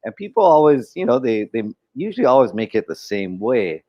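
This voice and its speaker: A man's voice: medium pitch, big pitch swings, a little fast, dull audio. A man co-hosting a casual live stream, joking and teasing, laughing often. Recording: roomy echo with faint music.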